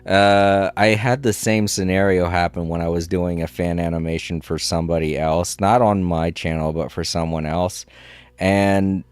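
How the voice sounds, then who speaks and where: A man's voice: low-pitched, fairly even intonation, normal speed, smooth, no room sound. A man streaming a game, chatting casually and rambling, laughing often and swearing a little. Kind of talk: casual live-stream chat.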